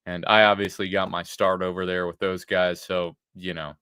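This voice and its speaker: A young adult man, a sports journalist hosting a podcast, talking relaxed with many fillers. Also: deep voice, moderate pace, clean tone, no echo, studio quality. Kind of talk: casual talk show chat.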